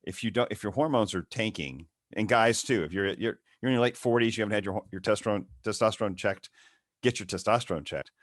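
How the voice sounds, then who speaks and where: A man's voice: fairly low pitch, quick pace, no room sound, clean studio sound. A man hosting an interview, speaking earnestly and urging listeners to act. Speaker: podcast host. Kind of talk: casual interview chat.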